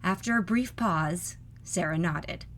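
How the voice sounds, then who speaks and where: A woman narrating a scripted story in an expressive, unhurried way. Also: on the low side.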